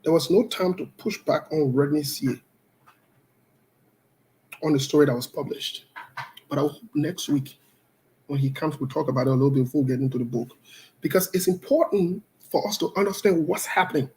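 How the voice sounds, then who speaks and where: A woman host delivering political commentary, deliberate and emphatic, speaking directly to her viewers. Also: deep voice, mellow, low-quality recording. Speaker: show host.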